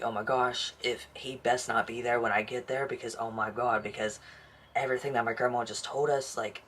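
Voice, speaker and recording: A man recounting events from his own family in a casual first-person way, growing animated when upset. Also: medium pitch, slight background noise.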